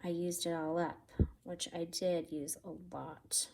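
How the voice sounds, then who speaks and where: A woman's voice: on the low side, flat delivery, measured pace, very noisy. A woman hosting a casual card-making tutorial, chatty and self-deprecating, talking straight to viewers while she works and sounding a bit out of breath.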